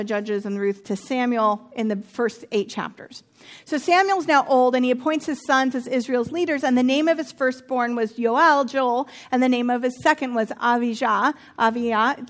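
A woman in her thirties with a high, light voice gives a conversational Bible teaching. She keeps it chatty and wry, slipping in personal asides and jokes between the verses. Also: a bit bright.

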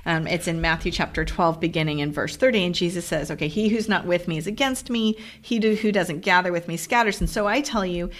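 A woman, a pastor co-hosting a podcast, asking curious questions and reading scripture in a relaxed conversational manner. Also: on the low side, fairly quick, few pauses. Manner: curious, asks follow-up questions, reads scripture aloud. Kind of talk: casual theological conversation.

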